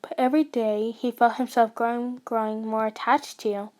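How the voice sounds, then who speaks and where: Female narrator, casual fanfic reading; plain delivery, voice a touch high. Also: level tone, normal speed, darkish tone. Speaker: storyteller.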